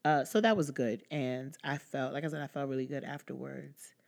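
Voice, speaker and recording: A woman's voice: rumbling low, steady tone, normal speed, creaky, darkish tone. A young woman hosting a personal podcast, talking candidly and casually with fillers and the odd laugh. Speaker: podcast host.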